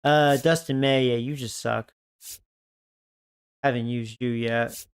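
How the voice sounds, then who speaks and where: Smooth-voiced man grumbling over gameplay. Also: medium pitch, steady tone, slow, no echo, clean studio sound. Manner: profane, grumbling, frustrated asides. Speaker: gaming video creator. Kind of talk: casual gameplay commentary.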